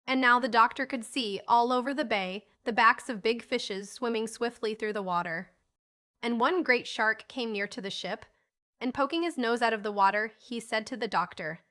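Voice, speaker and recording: A woman's voice: fairly high pitch, normal speed, sharp tone. A woman narrating a children's storybook audiobook, reading each character in a lightly lifted voice.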